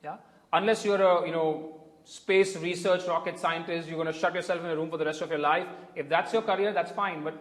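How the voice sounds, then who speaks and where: A man with an Indian English accent speaks as a communication coach, pressing his points with worked examples. His voice sits a bit high for a man. The room rings with a long echo. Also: fairly even intonation, brisk, fairly bright tone. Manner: emphatic, illustrates with spoken examples. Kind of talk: interview answers, explanatory. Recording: echoey room with long reverb.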